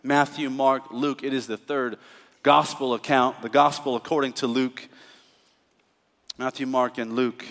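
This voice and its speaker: A man's voice: mid-range voice, fairly even intonation, unhurried, creaky, fairly bright tone. Man preaching in a reverberant church. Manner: conversational preaching with rising emphatic bursts. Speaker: pastor. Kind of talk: sermon.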